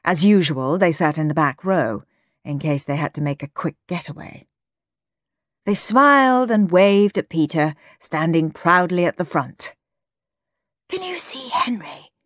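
A woman reading a children's story aloud with an expressive manner and voices for the characters. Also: sits low, unhurried, no room sound, clean studio sound.

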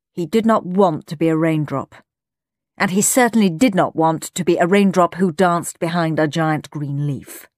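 A woman reading a children's story aloud with an expressive manner and voices for the characters. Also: lowish voice, no echo, studio quality.

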